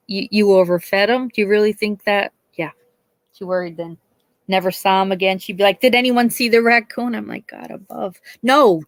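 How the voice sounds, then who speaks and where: A woman's voice: medium pitch, no room sound. A middle-aged woman telling a long, chatty story on a live stream, swearing and laughing, and acting out the people she quotes. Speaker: host.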